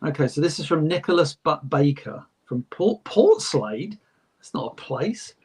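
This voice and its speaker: A man's voice: fairly high pitch, lively intonation, measured pace, a little mellow, husky. A man co-hosting a podcast, chatting casually and reading fan letters aloud with jokey asides and frequent laughs. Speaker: podcast co-host.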